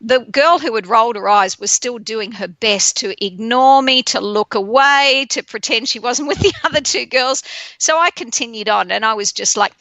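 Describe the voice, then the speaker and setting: Woman host, bright gravelly tone, lively storyteller, laughs a lot, dry close sound. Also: on the high side, moderate pace, no echo. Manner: lively, laughs often, plays out quoted voices. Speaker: podcast host. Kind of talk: personal storytelling monologue.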